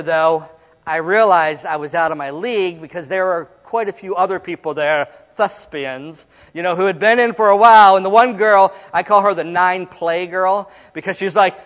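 Pastor guy with a high voice, storytelling sermon, long echo in a big room. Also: moderate pace, a bit bright. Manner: storytelling, acts out quotes, laughs often. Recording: dull sound in a reverberant hall.

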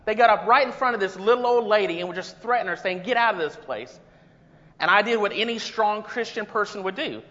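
A man's voice: high-pitched, brisk, bright, forceful tone. A man voicing a boastful man newly arrived at heaven's gate in a joke within his sermon. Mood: boasting. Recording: long reverb, dull lo-fi sound.

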